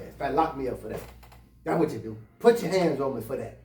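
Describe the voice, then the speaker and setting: A man's voice: mid-range voice, lively intonation, brisk, warm tone, slight background noise. Blunt, profane man telling a story. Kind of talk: casual anecdote telling. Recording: roomy, distant mic, faint music.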